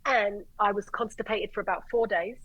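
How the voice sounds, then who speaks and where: An Irish woman, a paramedic guest, telling stories in a lively way, swearing and acting out the dialogue. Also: mid-range voice, moderate pace, no room sound, highs cut off. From Ireland. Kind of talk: animated storytelling in conversation.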